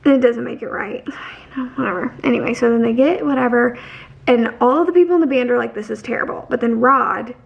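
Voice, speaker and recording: A woman with a fairly high voice and a lot of vocal fry talks through a book's story in a casual recap. She rambles, restarts her sentences and leans hard on her opinions. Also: quick pace, lo-fi sound. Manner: rambling, heavy on fillers and restarts; emphatic, opinionated. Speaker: book vlogger.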